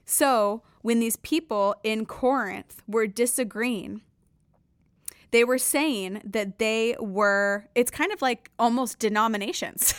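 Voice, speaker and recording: A woman's voice: on the high side, takes it slowly, no echo, studio quality. A woman hosting a podcast, reading a Bible passage and teaching on it in an earnest, conversational way with emphatic stresses. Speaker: podcast host.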